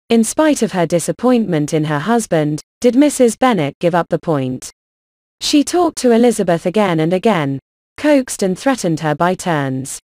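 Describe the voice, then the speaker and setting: A woman narrating a classic novel as an audiobook, in an even, measured reading. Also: fairly low pitch, no echo, clean studio sound.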